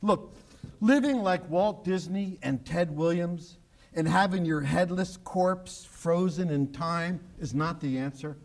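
A male pastor preaching a sermon, emphatic and repetitive, often dropping to a low, quiet voice for asides. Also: slow pace. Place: church broadcast on radio and online.

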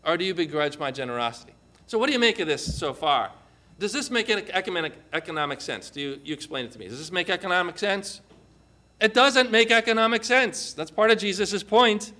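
Male pastor preaching, animated storyteller, high bright voice. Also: a little fast. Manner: animated storytelling with vivid dramatizing. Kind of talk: sermon.

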